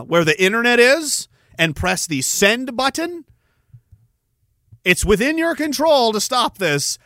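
A man's voice: high-pitched, pushed and bright, no room sound, clean studio sound. A man in his thirties hosting a solo podcast, ranting in a rambling, profane, self-mocking way. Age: 30s. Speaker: podcast host.

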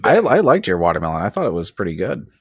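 A man's voice: deep voice, huge pitch swings, fast talker, breathy edge, dry recording, clean studio sound. A man co-hosting a casual podcast chat, laid-back and agreeable, a new parent. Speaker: podcast co-host.

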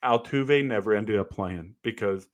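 With a fairly low pitch and a slightly slow delivery, this former ballplayer turned podcast co-host tells animated stories in casual conversation, full of fillers and restarts. He's a young man. The recording is dry, and the high frequencies are cut off.

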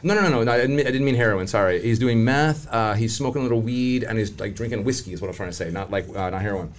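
A man's voice: mid-range voice, fast talker. A man and criminologist guest, telling a story casually and animatedly, acting out voices and laughing often. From Southern California.

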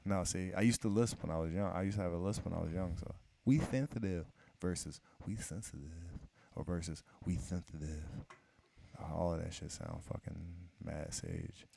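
A man co-hosting a podcast, animated and joking, with plenty of swearing in casual banter. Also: low voice, fairly quick, vocal fry, a little hiss or hum. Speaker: podcast co-host. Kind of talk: casual chat.

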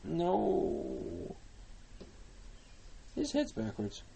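A man's voice: fairly high pitch, wildly swooping pitch, extremely slow, gravelly, crowd noise. A man co-hosting a casual gaming chat while playing a horror game, jumpy, shrieking and whispering by turns. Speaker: gaming podcast co-host.

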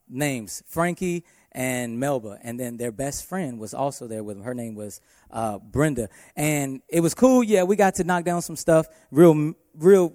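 Toned worship pastor preaching. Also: male voice, a little high, a little mellow, no room sound, clean studio sound. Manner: storytelling, addresses congregation as y'all. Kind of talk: sermon.

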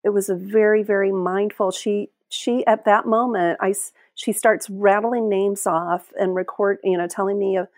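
A middle-aged woman speaking as an interview guest, her voice sitting at an ordinary middle pitch. She tells her story in a heartfelt, halting way, often breaking off and restarting. The sound is dry and close. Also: fairly even intonation, darkish tone, dry recording. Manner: halting, heartfelt, many restarts and trailing phrases. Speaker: interview guest, end-of-life caregiver. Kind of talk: emotional personal storytelling.

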